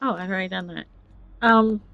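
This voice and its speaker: A woman's voice: mid-range voice, unhurried, gravelly, lo-fi sound. A woman hosting a casual livestream chat, talking chattily, giggling often and reading chat messages aloud. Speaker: livestream host.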